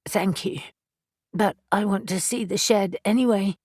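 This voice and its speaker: A woman's voice: medium pitch, a little slow, darkish tone, breathy edge, no room sound. A shaken but determined middle-aged woman speaking in a tense, shaken way, voiced by a woman reading an audiobook. The sound is dry and close.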